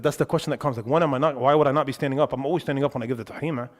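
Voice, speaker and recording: This young religious teacher barely pauses, racing along in a mid-range voice as he lectures on worship in a mosque hall. The talk is emphatic, animated and conversational, full of filler words, with the room's reverb audible throughout.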